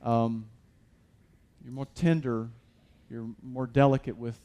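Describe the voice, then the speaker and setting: A man's voice: mid-range voice, little pitch movement, slow, warm tone. A man preaching a sermon as a pastor, conversational with many fillers and restarts, building to emphatic peaks.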